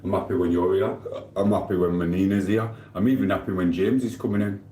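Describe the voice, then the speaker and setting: A man's voice: sits low, steady tone, fast talker, mellow, roomy sound, a little hiss or hum. A man from Sheffield with a Sheffield accent, live-streaming in casual chat, reading out viewer comments and answering them in a cheeky, rambling way. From Sheffield, England. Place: home living room.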